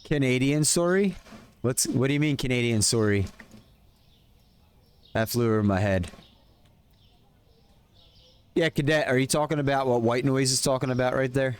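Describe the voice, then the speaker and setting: A man's voice: medium pitch, normal speed, long pauses, smooth. A man live-streaming a game, chatting casually with viewers and calling out in-game orders between questions to chat. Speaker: livestreamer.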